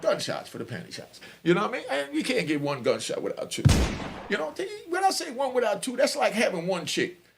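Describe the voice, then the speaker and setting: A middle-aged man with a New York accent, telling his own prison stories in a rambling, animated, casual monologue. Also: high voice, fairly quick, creaky, heavy background noise. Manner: animated, rambling, full of "you know what I mean".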